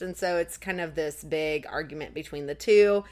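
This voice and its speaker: A woman with a slightly low voice talks through a sitcom episode in loose, casual podcast chat. She fills her sentences with "like" and briefly acts out the characters' lines as she goes. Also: normal speed, few pauses. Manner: chatty, recounts scenes with lots of "like". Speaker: podcast co-host.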